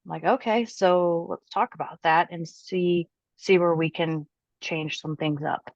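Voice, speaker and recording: A woman personal trainer, a guest on a podcast, telling a client's story with animated quoting. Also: fairly low pitch, a little slow, no room sound, dull audio. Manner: animated, quotes her client's words aloud.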